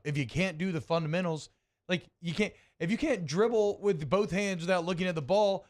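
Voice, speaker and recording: A man co-hosting a sports radio show, chatting casually and ranting with rising energy. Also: high voice. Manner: animated, rambling, rants with rising energy.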